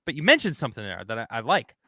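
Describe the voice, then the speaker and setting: A man hosting a casual podcast chat, talking in an animated, rambling way and acting out the people he quotes. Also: medium pitch, racing, no room sound, clean studio sound. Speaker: host.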